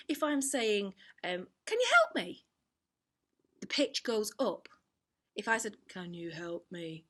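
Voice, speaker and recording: Drama teacher woman walking through acting basics, clear and explainy, tries out lines with her own voice. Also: fairly high pitch, a bit bright. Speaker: performing arts teacher. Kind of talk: recorded online drama lesson.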